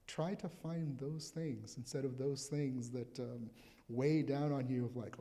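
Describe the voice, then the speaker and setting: A male pastor gives a conversational, reflective sermon at a live church service. His voice is mellow and relaxed. A long reverb trails each phrase through the sanctuary. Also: mid-range voice, unhurried. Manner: conversational, reflective, reads scripture aloud.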